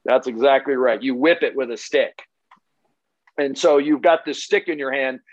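A man's voice: medium pitch, steady tone, normal speed, dry recording, lo-fi sound. A man giving a blunt, punchy sales talk full of rhetorical questions and the odd curse. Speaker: solar sales trainer.

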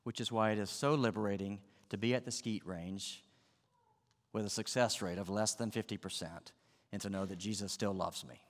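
Pastor, man; dramatic sermon delivery, low-pitched, recorded in a reverberant sanctuary. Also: fairly even intonation, moderate pace. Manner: dramatic, acts out the voices of the story.

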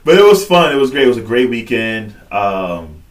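A man's voice: medium pitch, normal speed. A man co-hosting a podcast, telling a weekend story in casual chat and acting out what people said. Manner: animated storytelling, acts out quotes. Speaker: podcast co-host.

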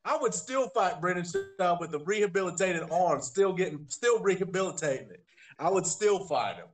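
A man's voice: high voice, lively intonation, moderate pace, soft background music. A man, co-hosting a podcast and telling a story in casual, profane chat with a lot of laughter. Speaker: podcast co-host.

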